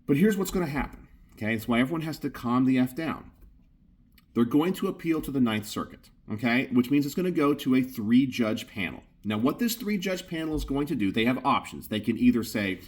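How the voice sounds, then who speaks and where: A middle-aged man talks to camera about gun news in a loose, emphatic way, punching points home with a repeated "okay?". His voice is husky, at an ordinary pitch for a man. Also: lively intonation, fairly quick. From Texas. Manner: emphatic, keeps saying "okay?". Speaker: gun channel host. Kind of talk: casual commentary.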